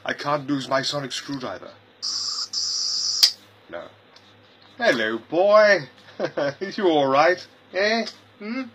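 A man playing an eccentric, chuckling gentleman time traveller who rambles and mutters to himself in a fan-made audio parody. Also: on the high side, animated, slow, pauses often, dull audio, background noise.

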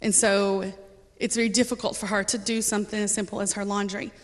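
A woman with a mid-range, level voice talks fairly quickly as she gives her personal testimony to a church congregation. She's casual and earnest, with frequent ums and light laughter. The recording was made in a church sanctuary and carries the echo of a reverberant hall.

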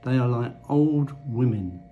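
A man's voice: mid-range voice, lively intonation, unhurried, narrow, tinny audio, slight background noise. A man delivering a blunt, crude ranting monologue to camera as a vlogger. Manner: blunt, crude, swears freely.

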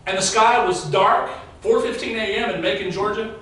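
A man's voice: high-pitched, steady tone, moderate pace, a bit bright, slight background noise. A middle-aged man preaching a sermon as pastor, telling a story in a conversational way and speaking to the congregation. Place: large church sanctuary. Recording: very echoey hall, mic far off.

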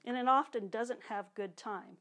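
This drum teacher speaks at normal speed in a slightly high voice, with loud drum music behind her. She walks through a technique clearly and patiently, sometimes saying the drum strokes aloud as part of the demonstration.

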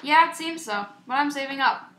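A young woman chats through her gameplay in a bright, tense voice that sits a little high. She is excitable and pokes fun at herself. The recording is echoey, with a faint hiss underneath. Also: normal speed. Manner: excitable, self-mocking, chatty. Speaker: gaming YouTuber. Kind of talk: casual gameplay commentary. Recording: echoey room with faint noise.

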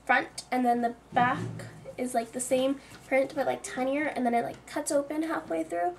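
A woman's voice: high-pitched, steady tone, normal speed, creaky, a little hiss or hum. A young woman chatting casually in a clothing haul video, full of "like" and self-mocking asides. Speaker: vlogger.

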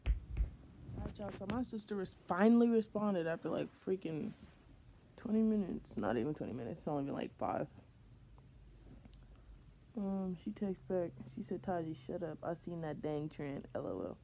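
A young woman vlogging casually to her viewers, excitable and slangy, swinging between laughter and frustration. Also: fairly low pitch, normal speed, creaky, long pauses, slight background noise. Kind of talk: casual vlog chat to camera.

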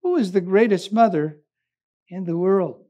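A man's voice: high-pitched, a little slow, mellow, muffled recording. A man, a pastor, preaching a sermon with humorous storytelling and emphatic repetition.

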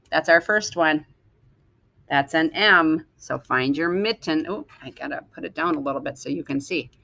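A woman teacher slowly sounding out letters and words for young children in a phonics lesson. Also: sits low, sharp tone, no echo. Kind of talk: early-reading phonics lesson.

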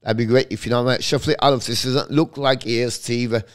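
A man calling live hockey play-by-play in halting English, breaking off to chat with viewers. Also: mid-range voice, steady tone. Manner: halting non-native English, rapid call of the action; chats with viewers between plays.

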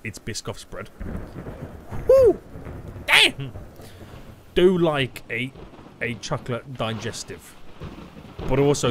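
A young British man giving live commentary while playing a game, excitable and prone to sudden loud yelps and shouts. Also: mid-range voice, noisy background. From Britain. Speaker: gaming YouTuber.

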